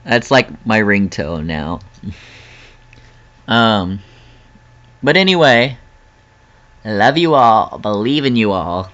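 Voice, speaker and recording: A young man talks straight to his viewers in an earnest, rambling personal vlog, breaking into laughs now and then. His voice is bright and sharp. The recording sounds dull and lo-fi. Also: on the low side, big pitch swings, takes it slowly, long pauses. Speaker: vlogger.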